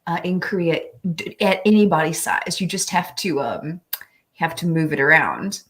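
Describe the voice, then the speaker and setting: A woman hosting a livestream interview, speaking in a measured way with some hesitant restarts and reading out viewer comments. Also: on the low side, animated, fairly bright tone. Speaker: host.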